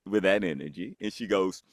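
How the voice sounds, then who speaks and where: A man's voice: medium pitch, fairly bright tone, no room sound, studio quality. A man guest on a podcast, telling a story in casual chat and acting out the voices of the people in it, laughing often.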